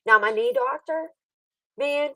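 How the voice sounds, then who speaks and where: A woman's voice: sits high, animated, unhurried, gravelly, sharp tone, dry recording, distant mic, low-quality recording. A woman hosting a casual stream chat. She tells stories animatedly, laughs often and acts out what other people said. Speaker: livestream host.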